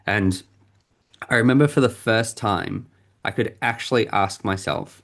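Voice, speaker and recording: A man's voice: lowish voice, measured pace, vocal fry, fairly bright tone. A man, a podcast guest, candidly recounting a personal story in a reflective way and often stopping to search for words.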